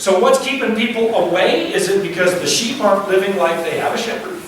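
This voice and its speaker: Male pastor, high-pitched, chatty sermon delivery with rhetorical questions, booming church echo, captured from afar. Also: lively intonation, a little fast. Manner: conversational preaching with frequent check-ins and rhetorical questions. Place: church sanctuary. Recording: echoey church hall from a distance, faint noise.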